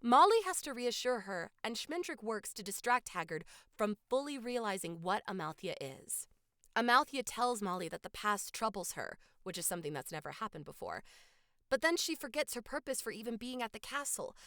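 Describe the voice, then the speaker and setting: A woman co-hosting a podcast, recapping a film's plot in a casual, animated storytelling way. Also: medium pitch, no echo, studio quality. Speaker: podcast co-host. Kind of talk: casual film recap chat.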